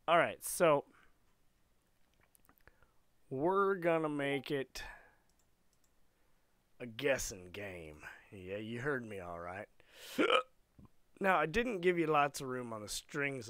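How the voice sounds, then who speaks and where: A man talks through a coding lesson on a casual livestream, playful and rambling, now and then slipping into a silly voice. His pitch swings up and down a lot. The sound is dry and close, with no room echo. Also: sing-song, slow, pauses often, a bit bright. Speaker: coding tutorial streamer.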